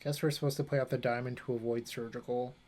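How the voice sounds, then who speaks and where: A young man at a mid-range pitch talks through his moves as he streams a card game. He thinks aloud in an easy, offhand way, breaking off to chat with his viewers. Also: level tone, quick pace, a little mellow. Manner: thinking aloud, chatting with viewers between plays. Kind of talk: casual gameplay commentary.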